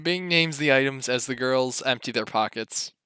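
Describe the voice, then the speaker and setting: A man reading a play's stage directions aloud in a brisk, matter-of-fact way. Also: medium pitch, bright, forceful tone, clean tone, no room sound.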